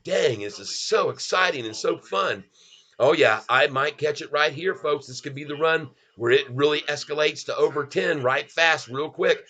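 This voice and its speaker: A middle-aged man hosts a stock market livestream, calling out chart moves in excited exclamations and addressing viewers directly as "folks." His voice is fairly high at normal speed and a bit bright, and the audio has its highs cut off.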